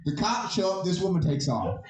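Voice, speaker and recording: High-voiced man telling a stand-up story. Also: fairly quick. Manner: animated, acts out shouted quotes, laughs at his own story. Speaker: stand-up comedian. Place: comedy club with a live audience. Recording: echoey club room with crowd.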